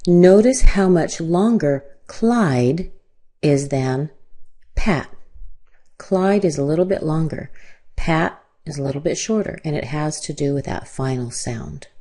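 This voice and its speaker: A woman with an American accent gives a careful pronunciation lesson in a low, mellow voice. She speaks at an unhurried pace and draws out each modeled word so the vowels can be heard clearly. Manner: models words slowly with stretched vowels. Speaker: pronunciation teacher. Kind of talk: slow, deliberate pronunciation lesson.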